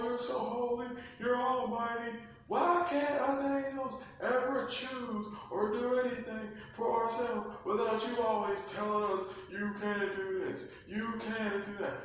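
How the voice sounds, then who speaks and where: A resentful male angel whines and complains in a shrill, very high voice. He is loud and indignant. He sounds distant in a very echoey room. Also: slight background noise. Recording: echoey room, mic far off.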